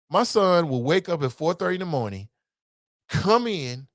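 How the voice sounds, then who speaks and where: A man hosting a casual call-in talk show, reading listener comments aloud and riffing on them in a blunt, animated way, swearing freely. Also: a little high, normal speed, no echo, studio quality.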